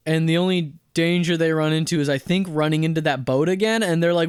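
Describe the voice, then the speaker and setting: A man co-hosting a film podcast, chatting casually and acting out movie scenes in quick voices. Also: fairly high pitch, clear, resonant tone, dry recording, clean studio sound. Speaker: podcast co-host. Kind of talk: casual film review chat.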